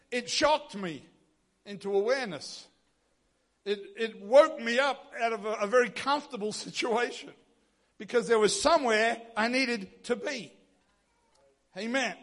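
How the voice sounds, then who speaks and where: High-voiced male preacher telling a story. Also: fairly bright tone. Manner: storytelling preacher acting out dialogue. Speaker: pastor. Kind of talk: sermon.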